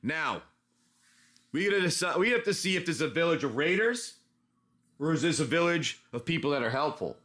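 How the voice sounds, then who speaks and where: A man's voice: on the high side, expressive, fairly quick, a bit bright. A man running a casual tabletop-style adventure as game master, rambling with many restarts.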